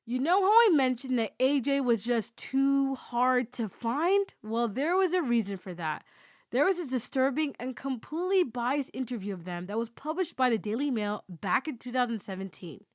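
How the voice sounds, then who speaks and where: An excitable woman hosts a podcast and tells a story in casual chat, slipping into the voices of the people she quotes. Her voice sits a little high. The sound is dry and close on the mic. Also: moderate pace, dry recording. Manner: animated, excitable, acts out quoted dialogue. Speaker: podcast host.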